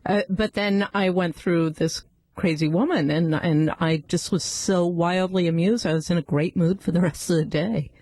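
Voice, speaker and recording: A woman's voice: on the low side, steady tone, normal speed, a little mellow, no room sound. A woman co-hosting a talk radio show, telling a wry anecdote in casual chat. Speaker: radio co-host.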